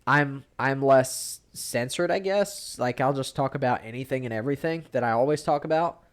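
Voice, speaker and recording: A man's voice: medium pitch, moderate pace. A young man co-hosting a podcast in casual chat, blunt, rambling and full of swearing. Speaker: podcast co-host.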